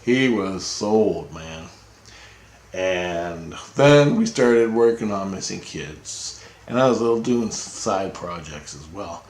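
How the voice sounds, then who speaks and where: A man casually retelling a personal story, rambling and profane, getting excited when he quotes people. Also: low voice, takes it slowly, reverberant. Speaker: storyteller recounting a personal experience.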